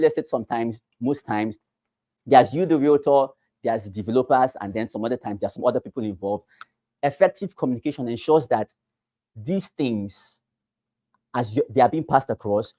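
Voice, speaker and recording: A man's voice: mid-range voice, warm tone, no room sound. A Nigerian man teaching a class for realtors, repeating key phrases and quizzing the listeners with rhetorical questions. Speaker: real estate trainer.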